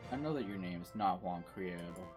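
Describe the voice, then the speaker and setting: A man's voice: low-pitched, lively intonation, fairly quick, over music. A man reading as a stern bird lawyer. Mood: firm. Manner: firm, businesslike.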